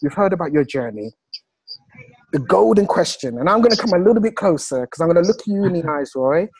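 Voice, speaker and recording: A man hosts a video call with eager, sales-pitch energy. His voice sits fairly high for a man and sounds close and dry, with no room around it. He stretches words out slowly when he wants them to land. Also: lively intonation, darkish tone, slightly rough, no echo, rough recording. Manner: enthusiastic, salesy, slows down for emphasis. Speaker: host. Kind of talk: upbeat hosting of a video call.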